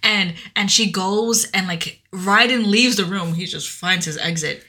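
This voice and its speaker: A woman co-hosting a casual podcast, retelling a story in an animated way with lots of fillers. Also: mid-range voice, measured pace. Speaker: podcast co-host. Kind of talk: casual chat.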